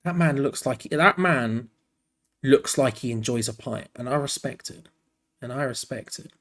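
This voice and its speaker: A man's voice: medium pitch, measured pace, fairly bright tone. A tired man hosting a live fan watch-along, switching between match commentary and rambling, frank asides.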